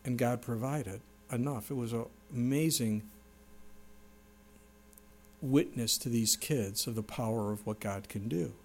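A man's voice: mid-range voice, a little slow, pauses often, a little mellow. Earnest preaching pastor, a man. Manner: earnest preaching, rising for emphasis. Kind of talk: sermon.

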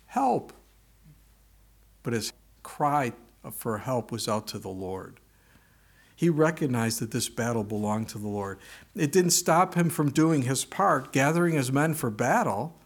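Middle-aged male pastor, casual conversational sermon delivery, acts out quoted lines, mid pitch. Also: slightly rough. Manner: conversational preaching, acting out quoted voices.

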